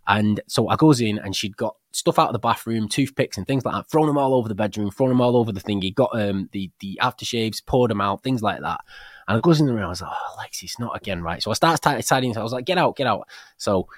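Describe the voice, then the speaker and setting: A man on a podcast, his voice sitting a little low as he tells lively family stories with frequent swearing and false starts. The sound is close and dry, with no room around it. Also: quick pace, no echo. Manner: animated storyteller, swears freely, many restarts. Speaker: podcast co-host. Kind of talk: casual podcast chat.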